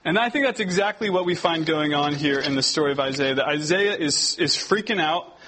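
A young man giving a casual, conversational sermon, often restarting his sentences and getting animated as he tells stories. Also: on the high side, brisk, slight background noise, low-quality recording. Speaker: preacher. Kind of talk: casual sermon to a youth group.

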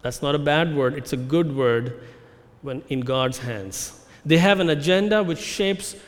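A man preaching a sermon, measured and emphatic, slowing down to stress key phrases. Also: fairly high pitch, big-room sound. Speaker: pastor. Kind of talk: expository sermon.

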